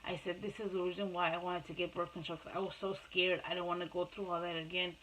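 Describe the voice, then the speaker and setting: A woman's voice: lowish voice, flat delivery, quick pace, a bit bright, slight background noise, low-quality recording. A woman and mother telling her own life story to camera in a casual, rambling way, repeating herself and restarting often. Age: adult mother.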